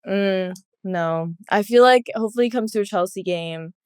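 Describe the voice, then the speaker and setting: A woman's voice: mid-range voice, moderate pace, darkish tone, clear, resonant tone, no echo, clean studio sound. A young woman guest in a casual podcast interview, chatty and giggly. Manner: giggly, chatty, many fillers. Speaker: guest athlete.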